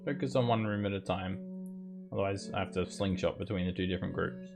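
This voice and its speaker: Low gravelly man running the game. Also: quick pace, soft background music. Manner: descriptive, steady game narration. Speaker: dungeon master. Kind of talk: narrating a tabletop game.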